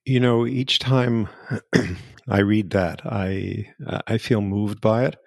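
Slow, gravelly man reflecting. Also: fairly low pitch, fairly even intonation, darkish tone, no echo, clean studio sound. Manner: halting, thoughtful, with fillers. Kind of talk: reflective commentary.

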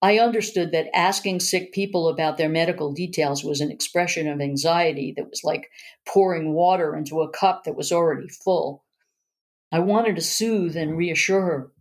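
A woman's voice: sits low, normal speed. A woman narrating a first-person memoir aloud in an earnest, emotional way.

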